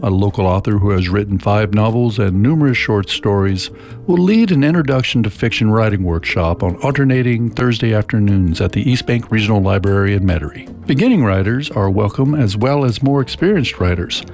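A man's voice: lowish voice, animated, brisk, darkish tone, soft background music. Man reading radio event listings. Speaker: radio announcer.

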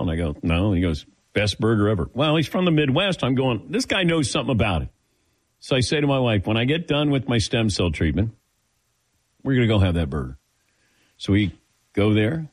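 An older man hosting a sports talk show, telling stories casually and acting out the dialogue. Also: lowish voice. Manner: animated, acts out quoted dialogue. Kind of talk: casual on-air storytelling.

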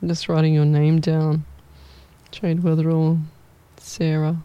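A male psychic medium chats his way through a live reading, rambling and poking fun at himself. His voice sits a little high, recorded dry and close with no room sound. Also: monotone, measured pace, clear, resonant tone, no room sound. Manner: chatty, rambling, self-mocking with frequent laughs; warm familiar address.

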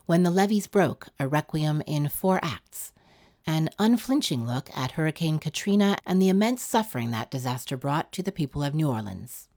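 A woman introduces pieces on a classical music radio program with measured, articulate announcing. Her voice sits a little low and sounds warm and mellow. Her intonation rises and falls in a lively way.

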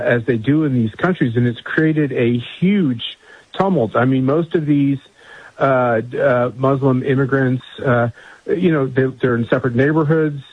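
A man giving a radio interview as a guest from a remote line, speaking earnestly and measured, with many fillers and restarts. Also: medium pitch, breathy edge, dry recording. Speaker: guest, conservative group chairman. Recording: dry, dull remote line.

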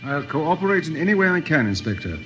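Cooperative captain, precise, animated, somewhat high. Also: male voice, quick pace, dull audio, loud music behind the voice. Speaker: ship captain. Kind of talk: 1950s radio drama acting.

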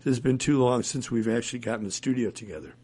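A man's voice: medium pitch, fast, a little mellow. A man, a musician guest in an interview, telling rambling anecdotes and chuckling often. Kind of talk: casual interview storytelling.

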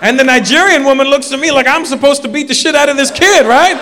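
High bright-voiced stand-up guy, keeps asking the crowd "right?", echoey hall sound. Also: fast. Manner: storytelling with "right?" asides to the audience. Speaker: stand-up comedian. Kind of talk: stand-up comedy routine. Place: comedy club stage. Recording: live hall with reverb and faint noise.

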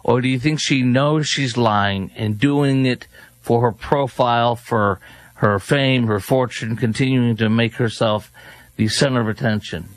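A man's voice: mid-range voice, a little slow, no echo. A man hosting a commentary show, scornful and sarcastic as he reacts to clips. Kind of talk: opinionated news commentary.

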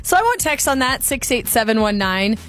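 Quick-talking female radio host, higher voice. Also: big pitch swings, a bit bright. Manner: reads stories out quickly, laughs easily. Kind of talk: casual radio banter.

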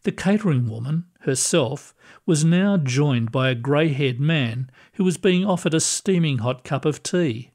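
A man narrating a scripted story in a calm, measured, gentle manner. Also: fairly high pitch.

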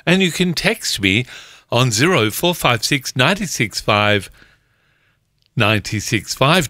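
A man's voice: mid-range voice, sing-song, unhurried, pushed and bright, dry recording, clean studio sound. A man hosting a community radio show, playfully reading listeners' jokes and messages. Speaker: radio host. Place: radio studio.

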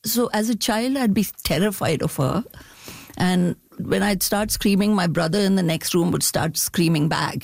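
A middle-aged woman speaks with a lowish voice, taking her time as a novelist reflecting in an interview. She laughs easily between thoughts. The sound is close and dry. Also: gravelly, a little mellow, no echo. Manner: thoughtful, unhurried, laughs often while talking.

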